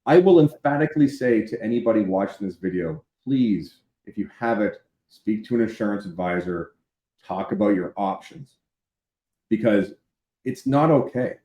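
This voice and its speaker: A man's voice: fairly low pitch, animated, moderate pace, dark tone, reverberant, muffled recording. A man from Canada, an insurance expert, explaining bluntly and emphatically in a candid conversation. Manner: emphatic, blunt, builds intensity.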